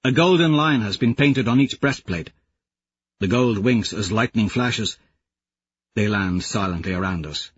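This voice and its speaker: A man narrating an audiobook in the first person, in a measured storytelling manner. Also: fairly low pitch, breathy edge, muffled recording.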